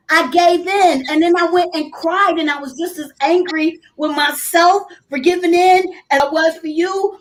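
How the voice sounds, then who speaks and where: A woman's voice: high-pitched, moderate pace, hardly any pauses, rough recording. A middle-aged woman hosting a casual talk show, telling candid stories with frequent laughter. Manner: candid storyteller who laughs often. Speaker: host.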